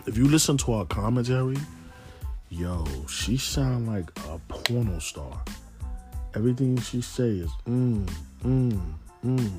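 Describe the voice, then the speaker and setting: A man's voice: mid-range voice, creaky, a little mellow. A stoned man rambling in a casual, slangy monologue, often losing his thread. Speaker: podcast host.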